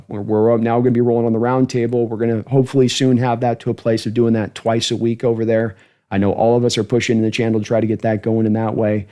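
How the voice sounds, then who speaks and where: Man, sports livestream host, casual, rambling, chatty, mid-pitched voice. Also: dark tone. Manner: rambling, chatty, thanking donors. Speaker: host of a football fan channel livestream.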